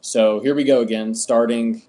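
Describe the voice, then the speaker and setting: A young American man, appearing as an interview guest, tells his story in a relaxed, rambling way full of fillers. His voice is mid-range and his pace moderate, in a casual storytelling style.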